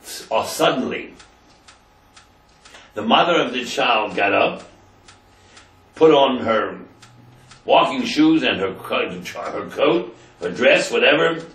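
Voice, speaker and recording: A man's voice: mid-range voice, lively intonation, slow pace, long pauses, fairly bright tone, echoey room, far from the mic, poor audio. A man, a rabbi, telling a story in a class and translating Hebrew phrases into English with dramatic emphasis.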